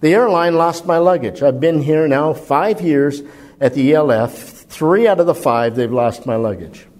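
A man's voice: normal speed, a little mellow. Man preaching with wide swings in voice. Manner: conversational, asks the audience questions; pitch and volume swing widely for emphasis. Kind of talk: sermon.

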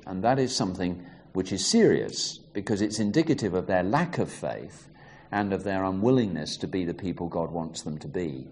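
A man with a fairly low voice gives a teaching talk on reading scripture. He explains in a measured, deliberate way, and his pitch moves a lot as he reads passages aloud with emphasis. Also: very animated. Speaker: Bible teacher.

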